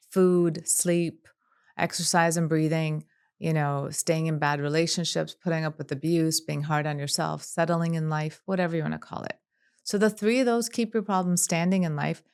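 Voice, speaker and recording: Smooth-voiced woman psychologist, calm and measured. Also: sits low. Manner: calm, measured, listing examples in long runs. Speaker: clinical psychologist guest. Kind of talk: podcast interview.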